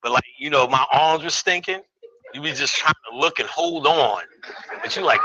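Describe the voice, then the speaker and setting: Fairly high-pitched and expressive, speaking at normal speed, a man in his fifties gives a profane, joking spiritual talk before a live crowd, riffing with them throughout. There's noise in the background.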